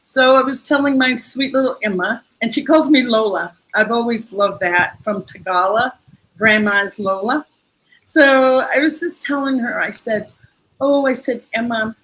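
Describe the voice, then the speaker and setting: An older woman speaking as a guest in a conversational interview, telling a heartfelt story in a lively, expressive way. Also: fairly high pitch, moderate pace, low-quality recording.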